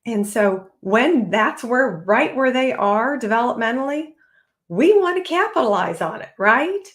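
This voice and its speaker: A woman in her forties hosting a solo parenting podcast, talking in a lively way and acting out what her kids say. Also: on the high side, unhurried. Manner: animated, acts out kids' voices. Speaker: podcast host.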